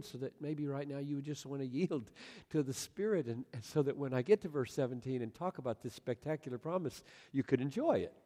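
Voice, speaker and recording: A male pastor preaching a sermon in a large room, swinging from loud emphatic lines to soft, near-whispered ones. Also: medium pitch. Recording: long hall reverb.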